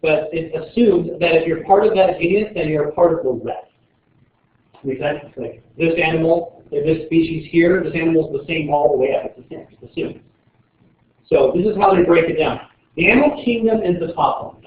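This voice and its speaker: A man's voice: fairly high pitch, normal speed. Man lecturing in an echoey classroom. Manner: joking, rambling, animated. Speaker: biology teacher. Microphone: far camera. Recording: distant, echoey, tinny classroom camera audio.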